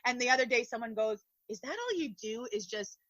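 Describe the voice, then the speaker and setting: A woman's voice: on the high side, lively intonation, a little fast, a bit bright, no echo, highs cut off. A woman guest comedian from Long Island, talking in a casual podcast chat, gushing and emotional, often laughing and tearing up. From Long Island, New York.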